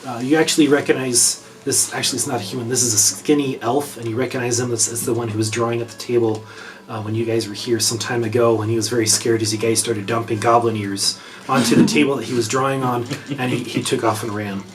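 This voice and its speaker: A man narrating a tabletop game as game master, often halting and repeating words. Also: medium pitch, flat delivery.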